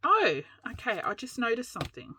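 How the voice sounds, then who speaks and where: Chatty Australian woman crafter, bright forward voice, rambling and giggly, casual vlog talk. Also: fairly high pitch, huge pitch swings, brisk, a little hiss or hum. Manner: rambling storyteller, laughs a lot. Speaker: crafting channel host.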